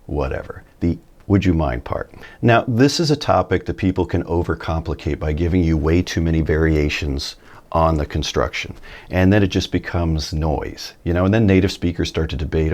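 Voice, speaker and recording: A man giving a relaxed, chatty video lesson, with folksy asides, a little tired early in the morning. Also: sits low, normal speed. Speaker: Spanish teacher.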